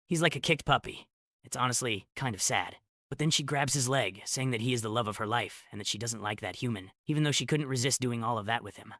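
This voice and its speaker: A man's voice: medium pitch, fast, bright, forceful tone, no room sound, clean studio sound. A man narrating a comic story recap with sarcastic asides.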